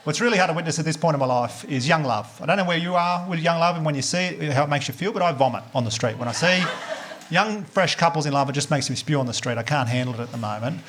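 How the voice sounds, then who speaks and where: A man with an Australian accent performing a stand-up set, telling crude stories in a dry, deadpan way. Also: fairly high pitch, fast talker. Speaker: stand-up comedian. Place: comedy club stage before a live audience. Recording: loud audience laughter and noise.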